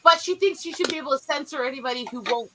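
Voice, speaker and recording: A woman in casual commentary chat, blunt and animated, swearing freely and mimicking people as she retells stories. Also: high voice, racing, a little hiss or hum, poor audio.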